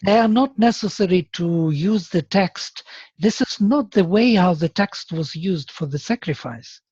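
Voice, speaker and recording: Patient teacher, breathy tone, muffled call audio, steady middle pitch. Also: measured pace, no room sound. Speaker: Sanskrit teacher. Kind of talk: online class explanation.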